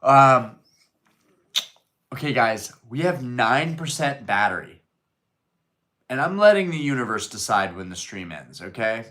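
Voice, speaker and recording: This livestream host speaks in a mid-range, sing-song voice with a sharp edge, taking his time and leaving long pauses. He reads out chat messages and responds in a relaxed, jokey way, cursing often.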